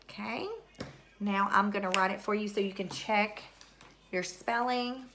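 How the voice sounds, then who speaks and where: Slow, bright-voiced woman teacher. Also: mid-range voice, steady tone, a little hiss or hum. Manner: slow, patient, deliberate, repeats words for spelling. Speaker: third grade teacher. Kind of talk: recorded classroom lesson.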